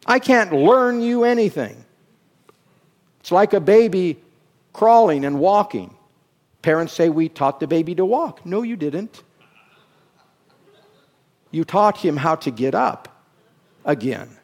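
A middle-aged man preaching a sermon, dropping to hushed, drawn-out phrases and then climbing into loud, emphatic bursts. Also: on the high side, animated. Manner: slow, drawn-out words for emphasis.

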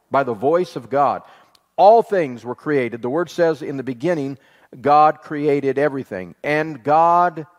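A man preaching an earnest sermon, quoting scripture and slowing down on key phrases. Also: mid-range voice. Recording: long hall reverb.

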